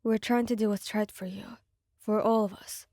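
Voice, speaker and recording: Woman playing a gruff young man in a breakup ASMR story; low, raw, frustrated. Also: steady tone, normal speed, mellow, no room sound, studio quality, lightly acted. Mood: strained.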